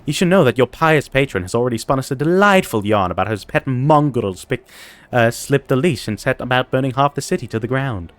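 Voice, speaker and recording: A man voicing a sardonic interrogator who taunts a prisoner in a slow, drawling way. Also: mid-range voice, lively intonation, dry recording, close to an everyday voice. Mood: mocking. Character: sardonic male interrogator, dry and mocking.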